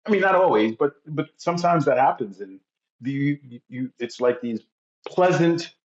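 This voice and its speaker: A man, an actor guest in an interview, speaking haltingly and repeating words as he hunts for what to say. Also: medium pitch, lively intonation, roomy sound, lo-fi sound. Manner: halting, repeats words while searching for them. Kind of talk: casual interview chat.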